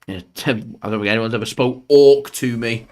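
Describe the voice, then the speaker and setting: A man's voice: medium pitch, moderate pace, darkish tone. A young man hosting a live football watchalong, chatting casually and joking as he follows the match. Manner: chatty, jokey, laughs often, swears. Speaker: fan channel host doing live match commentary.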